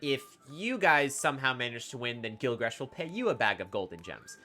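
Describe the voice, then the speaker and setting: A man voicing a brisk female tavern keeper who talks in a lively, coaxing way. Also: medium pitch, soft background music.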